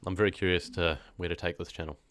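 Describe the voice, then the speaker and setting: A man with a very low voice chats casually into a close microphone, his nose stuffed up from a cold. He rambles, teases himself and laughs often. The sound is dry, with no room around it. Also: flat delivery, fast, fairly bright tone, no room sound. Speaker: horror story narrator streaming live. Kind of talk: casual live-stream chat, reading comments.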